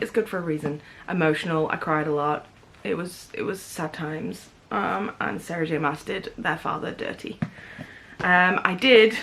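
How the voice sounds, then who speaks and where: A woman's voice: fairly low pitch, a bit bright. Chatty young woman vlogging about books. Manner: chatty and gushing, with fillers and laughs. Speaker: book vlogger. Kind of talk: casual vlog chat. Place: home, in pajamas.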